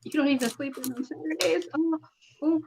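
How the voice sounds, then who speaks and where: A woman's voice: sits high, a little fast, creaky, a little mellow. A young adult woman guest in a casual chat, playful and joking. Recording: dull lo-fi mic with faint noise.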